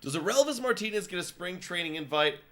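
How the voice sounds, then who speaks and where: A man's voice: sits high, lively intonation, fast talker, fairly bright tone. A young man hosting a podcast, chatty and rambling as he gives live play-by-play reaction to a ballgame. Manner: chatty, rambling, laughs often. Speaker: podcast host.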